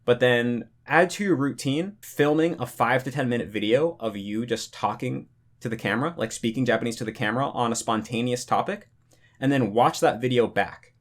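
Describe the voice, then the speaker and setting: A man's voice: medium pitch, normal speed. Laid-back man giving rambling advice. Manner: relaxed, rambling, full of "you know" and "like". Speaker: language-learning YouTuber. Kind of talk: casual talking-head advice.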